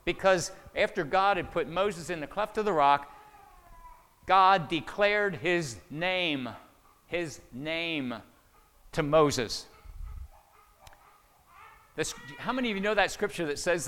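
A man's voice: a little high, lively intonation, a little slow, long pauses. Man preaching in a reverberant hall. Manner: swings between hushed asides and loud emphatic preaching. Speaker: pastor. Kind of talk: sermon with storytelling. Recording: long reverb of a large hall.

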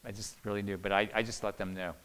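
A man's voice: fairly low pitch, level tone, fast talker, fairly bright tone, clear, resonant tone. An older man giving a conversational church teaching on marriage, often repeating words and asking the audience questions. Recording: long hall reverb.

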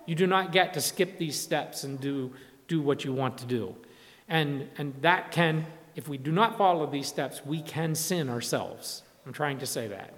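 A man's voice: fairly high pitch, unhurried, fairly bright tone. A man preaching a sermon in a conversational way, often restarting and acting out quotes. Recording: long hall reverb.

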